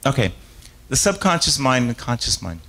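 A stage hypnotist's live author talk, with audience questions, is heard through rough audio. His medium-pitched voice is sing-song, bright, and forceful, at normal speed, and he tells stories in a rambling way, interrupting and restarting himself, laughing often, and acting out voices.

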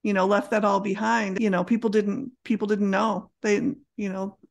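A middle-aged woman in a medium voice talks as a podcast co-host. She is relaxed and meandering, often pausing with fillers as she thinks aloud. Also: mid-range voice, creaky. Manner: relaxed, hesitant, many fillers. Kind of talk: casual chat.

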